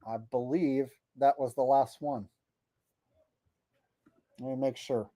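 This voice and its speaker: There's no room sound as a man with a warm, mid-range voice talks slowly and fairly evenly. He's a livestream host reading viewer super chats aloud in mock voices, breaking into blunt, profane, exasperated rants during casual chat.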